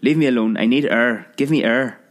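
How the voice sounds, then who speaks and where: A man's voice: mid-range voice, fairly quick, voice pushed up, lightly acted. A man voicing a vain lover who thinks he has been poisoned, choking and panicky. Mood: gasping. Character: self-important man, sweetheart of the older woman.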